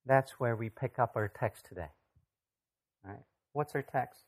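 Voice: mid-range voice, unhurried. A preacher giving a sermon in a conversational way, often putting direct questions to the listeners. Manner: lively, asks the audience direct questions; conversational, acts out scripture voices.

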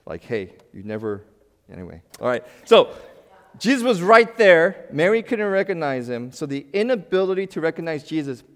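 A male pastor giving a sermon in an animated, conversational way, swinging from loud bursts to quiet asides with playful humor. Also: medium pitch. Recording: long hall reverb.

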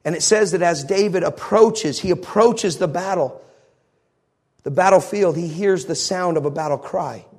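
A male pastor delivering a lively sermon, retelling the story with energy and playing out each scene. His voice sits high for a man and has a husky, breathy edge. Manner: animated storytelling, acts out scenes.

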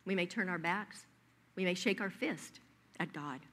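A woman preaching a sermon, telling personal stories in a lively, emphatic way. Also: on the low side, measured pace.

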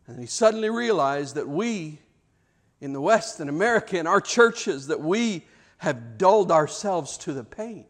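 A man preaching a sermon and telling a story, repeating words as he goes, dropping to hushed low passages and rising to loud shouted peaks. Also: animated, moderate pace, long reverb tail. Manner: repeats words and restarts often.

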